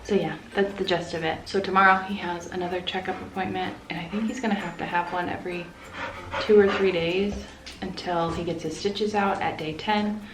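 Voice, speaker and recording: A woman's voice: lowish voice, fairly even intonation, brisk, noisy background. Chatty woman vlogging at home. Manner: chatty, coos and talks to her dogs. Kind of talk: casual vlog chat. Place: home, indoors and yard. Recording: echoey room with music bed.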